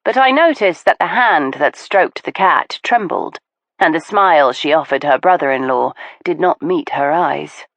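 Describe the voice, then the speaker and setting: A woman narrating a period mystery novel in the first person, measured and expressive. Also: low voice, no echo. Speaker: audiobook narrator.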